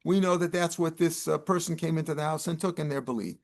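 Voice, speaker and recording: A man's voice: a little high, fast talker. An older man, teaching Talmud line by line and translating each Aramaic phrase into casual English. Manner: explains Aramaic terms in casual American English, with restarts.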